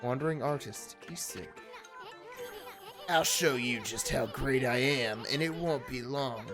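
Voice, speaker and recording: Brief: a woman playing a brash, boastful tiny male bug artist, low and unhurried, game music behind. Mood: cocky. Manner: boastful, brash, fast-talking. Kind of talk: reading game dialogue aloud.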